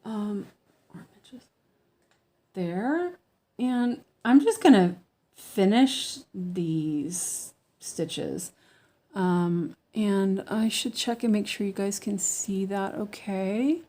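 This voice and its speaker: Female crafter on a casual livestream; unhurried, meandering delivery with slight lisp. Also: mid-range voice, mellow. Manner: rambling, many fillers and restarts. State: slightly lispy from medicine. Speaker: cross-stitch livestreamer. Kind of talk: casual livestream chat while stitching.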